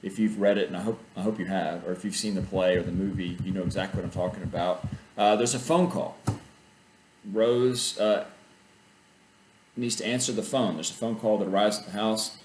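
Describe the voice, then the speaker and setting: A man teaching high school literature in a casual video lesson from home, talking through a play in a conversational way and reading lines aloud. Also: fairly even intonation, brisk, darkish tone. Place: home living room. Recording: echoey room with faint ambient noise.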